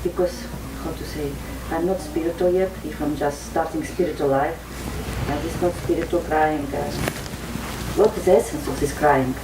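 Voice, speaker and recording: A woman's voice: low-pitched, normal speed. A woman in the audience asking a hesitant question, searching for her words. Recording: distant voice in an echoey room, noisy.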